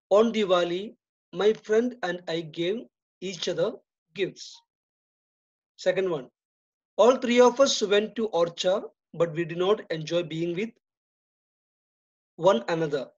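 A man with an Indian English accent works slowly through a grammar exercise. He reads each sentence and then drops his voice to give the answer. The recording is dull and lo-fi. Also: sits high. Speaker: teacher. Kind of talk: slow, deliberate grammar lesson.

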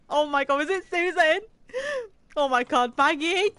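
A young adult woman streaming a video game in casual chat, excitable and dramatic, often gasping and laughing. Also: sits high, normal speed, no echo.

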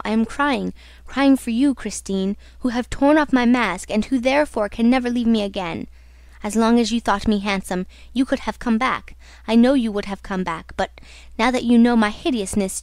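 A woman's voice: a little high, darkish tone, no echo, close to an everyday voice. A woman voicing a disfigured man, taunting and raging. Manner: alternates mocking taunts with anguished cries. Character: disfigured tormented man, raging and self-pitying. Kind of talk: audiobook reading.

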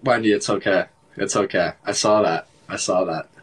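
A livestream host with a Canadian accent chats in a laid-back way, laughing often and saying "like" a lot. His voice is lowish with a breathy edge, at a normal speed, and the recording is low quality.

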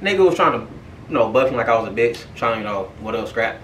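Animated young man telling a story, echoey room. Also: mid-range voice, very fast, slight background noise. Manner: animated, profane, repeats "right?". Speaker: podcast host. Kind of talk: casual storytelling. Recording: echoey room, far from the mic.

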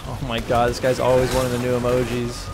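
Gunfire and vehicles from the game fill the background as this streamer, talking fast in a flat, medium-pitched voice, curses the game live. His commentary grows more and more frustrated, turning into exasperated, profane rants and yelling.

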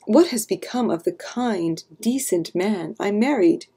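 A gentle, bewildered young wife pleads in a soft, mellow voice, as a woman reading a storybook puts her on. There is a breathy quality under her words. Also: mid-range voice, lively intonation, a little slow. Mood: pleading.

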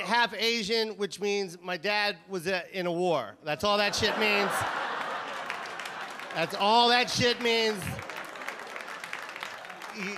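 A man from Los Angeles doing an animated, profane stand-up set. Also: very high-pitched. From Los Angeles, USA. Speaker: stand-up comedian. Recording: comedy club mic with crowd noise.

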